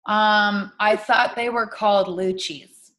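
A young woman co-hosting a podcast in casual chat, frank and quick to swear, laughing often. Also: mid-range voice, steady tone, a bit bright. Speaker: podcast co-host.

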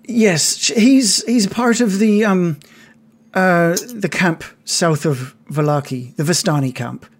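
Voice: mid-range voice, slow. Hesitant game master narrating a tabletop game. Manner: hesitant, with many ums.

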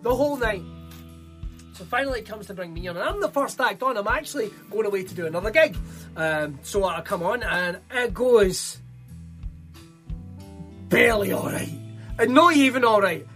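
A Scottish man doing stand-up, telling stories in a sweary, animated way. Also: sits high, normal speed, soft background music. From Scotland. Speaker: stand-up comedian. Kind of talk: stand-up routine.

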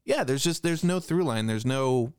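A man's voice: medium pitch, expressive, normal speed, clear, resonant tone, dry recording, studio quality. A man chatting casually as a podcast co-host, rambling and restarting often, with lots of "like" and "right?". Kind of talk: casual chat.

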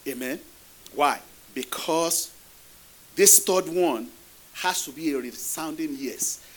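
A man's voice: a little high, takes it slowly. A middle-aged male pastor delivering a sermon, repeating key phrases for emphasis and putting rhetorical questions to his congregation.

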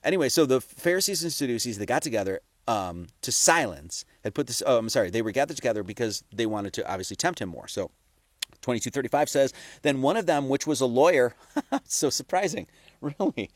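A man's voice: medium pitch, lively intonation, fast talker, no room sound, studio quality. A man giving a casual, conversational sermon, full of rhetorical questions and profane asides. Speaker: preacher.

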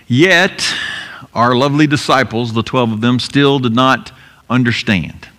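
A man's voice: mid-range voice, measured pace, a bit bright. A male pastor preaching a sermon in an earnest, emphatic way, repeating key phrases for effect. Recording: long hall reverb.

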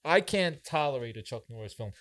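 A man's voice: medium pitch, lively intonation, a little fast, a bit bright, no echo. Incredulous man ranting about a bad movie. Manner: incredulous, riffing on movie absurdities. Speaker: podcast co-host. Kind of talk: casual movie review chat.

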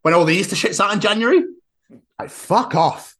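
A man's voice: high voice, a little fast. A man hosting a podcast, telling crude jokes and stories in casual banter, swearing a lot and laughing often. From England. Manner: sweary, laughing, animated storytelling. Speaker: podcast host.

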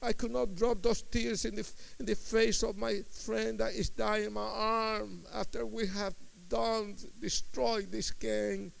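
Gravelly impassioned preacher man. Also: high voice, little pitch movement, unhurried, few pauses. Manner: impassioned, swinging from hushed to shouting. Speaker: preacher giving testimony. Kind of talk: sermon testimony.

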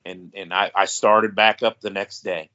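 Bright-voiced man telling a rambling story. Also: deep voice, steady tone, moderate pace. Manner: rambling, laughs mid-story. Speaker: podcast co-host. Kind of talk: casual storytelling chat. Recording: dull lo-fi podcast audio.

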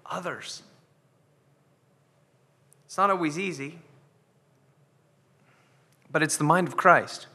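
Male pastor, higher bright tone, earnest preaching, reverberant hall recording. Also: takes it slowly, long pauses, husky. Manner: earnest, repeats words when building a point. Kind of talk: sermon. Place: church sanctuary.

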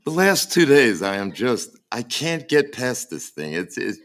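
A man preaching a sermon as pastor, emphatic and often halting to repeat his words, with a dry mocking humour. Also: medium pitch, very animated, fairly bright tone.

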